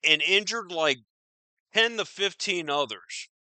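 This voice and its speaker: A man's voice: high voice, slow pace, sharp tone, dry recording. A man hosting a podcast, riffing on news in a profane, rambling, incredulous way. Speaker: podcast host. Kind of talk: casual news commentary.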